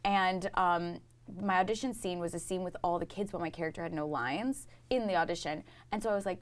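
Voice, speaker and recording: A young woman from Texas, a stage actress chatting as an interview guest in a bubbly, joking way. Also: fairly low pitch. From Houston, Texas. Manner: bubbly, chatty, quick to joke and laugh. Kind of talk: casual interview chat.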